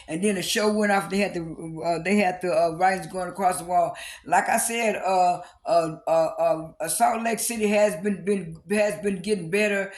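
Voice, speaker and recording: A man with a high voice talks through a reality TV episode, one scene at a time. He speaks casually and haltingly, stops often on fillers, and repeats his words as he goes. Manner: briefly acts out quoted cast lines with raised pitch. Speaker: reality TV recap vlogger. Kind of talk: casual spoken episode recap.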